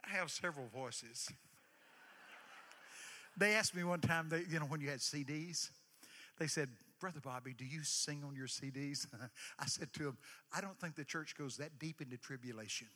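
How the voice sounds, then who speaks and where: An older man preaching a sermon with animated storytelling, sudden shouted bursts and joking asides. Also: on the high side, normal speed. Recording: long reverb of a large hall.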